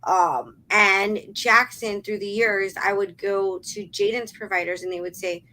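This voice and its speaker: Woman host, bright crisp voice, mom swapping stories, eager and relatable. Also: mid-range voice, a little slow, low-quality recording. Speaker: podcast host and mother. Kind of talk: casual interview talk.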